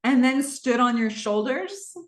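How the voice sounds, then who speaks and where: A woman's voice: sits high, lively intonation, a little slow, roomy sound, voice pushed up. A woman reading a confident, flirty woman. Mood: teasing.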